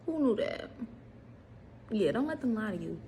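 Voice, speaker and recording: A woman, casually preaching to viewers in a vlog, animated, repeating herself and putting questions to the audience. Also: mid-range voice, moderate pace, a little hiss or hum. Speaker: faith vlogger.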